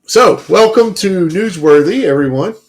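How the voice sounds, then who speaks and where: A man from Kentucky co-hosting a casual news podcast, loud and quick to laugh, often restarting his sentences. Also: sits high, lively intonation. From Kentucky, USA. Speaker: podcast co-host. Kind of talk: casual chat.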